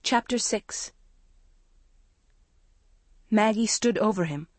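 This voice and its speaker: A woman narrating a young-adult novel in a measured storytelling voice. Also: lowish voice, no echo. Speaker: audiobook narrator. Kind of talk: scripted narration.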